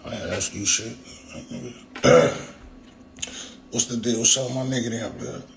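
A man's voice: mid-range voice, steady tone, slow, creaky, fairly bright tone, slight background noise. A man ranting on a livestream in a profane, confrontational way. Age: adult with young kids. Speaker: rapper streaming live. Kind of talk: livestream rant.

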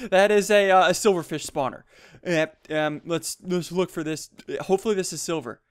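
Young dude doing let's play commentary, kinda high voice, super excitable, laughs a lot, clean smooth sound. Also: male voice, moderate pace. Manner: excitable, laughs often, jumpy, frequent gasps and yelps. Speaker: gaming YouTuber.

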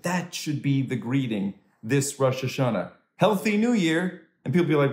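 A man doing a stand-up comedy set from home over a video call, animated and swooping into high voices for quoted people. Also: moderate pace, hardly any pauses, reverberant. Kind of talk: stand-up comedy set for a virtual charity dinner.

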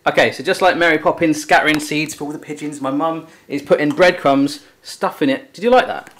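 A man's voice: on the high side, fairly quick, hardly any pauses, a bit bright. A young man hosting a cooking video in a home kitchen, chatty and teasing as he talks through the steps. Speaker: cooking show host. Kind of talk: casual cooking chat.

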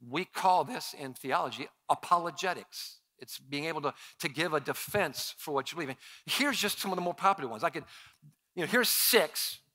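A male pastor preaching a sermon, telling personal stories and acting out his own past lines with animated shifts. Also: on the high side, normal speed. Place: church sanctuary.

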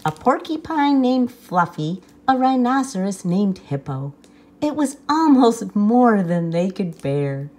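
A woman reading a children's picture book aloud with expressive storytelling. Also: medium pitch. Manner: slow, lively, expressive reading.

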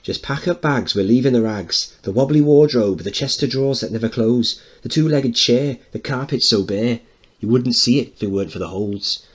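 A man's voice: medium pitch, moderate pace, breathy edge, pitched above the performer's own voice, natural voice. A man reading a play aloud, singing the part of a brash, hopeful working-class mother. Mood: singing dreamy. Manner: sings loud and bold, puts on a posh voice.

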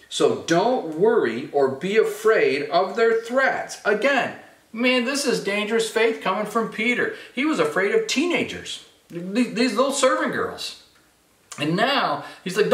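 A man's voice: fairly high pitch, fairly bright tone, roomy sound. A male pastor preaching a sermon in a casual, conversational way, driving points home with repeated phrases and slang like "man" and "dude".

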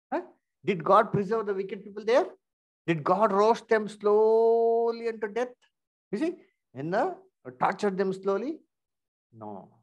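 Male Bible teacher, lively rise and fall, rhetorical questioning. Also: high-pitched. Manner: rhetorical questions with many "you see" fillers. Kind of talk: interactive Bible lesson.

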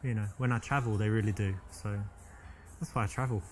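A man's voice: on the low side, fairly even intonation, fairly quick, soft background music, natural voice. A man with a British accent voicing a smug, boastful character in a dating game, bragging and teasing his date. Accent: British English. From England. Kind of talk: scripted game dialogue.

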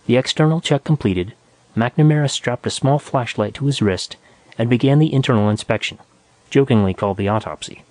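A man's voice: medium pitch, fairly quick, darkish tone, no echo. Man reading a science fiction story. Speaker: narrator. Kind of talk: scripted audiobook narration.

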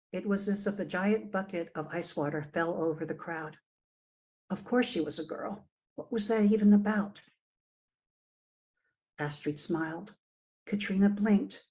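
A woman author reads her own prose aloud for an online event, her voice at a middling pitch. She shifts emphasis freely, lifting and dropping her voice with the story. It comes through a computer microphone on a video call. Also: low-quality recording. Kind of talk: reading her fiction aloud. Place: remote virtual reading.

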